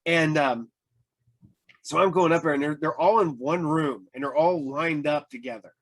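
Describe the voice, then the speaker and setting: A man's voice: a little high, moderate pace. A man hosting a podcast, telling rambling anecdotes in a casual chat, full of fillers and acting out what people said. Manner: rambling storyteller, acts out quoted voices, many fillers. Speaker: podcast host.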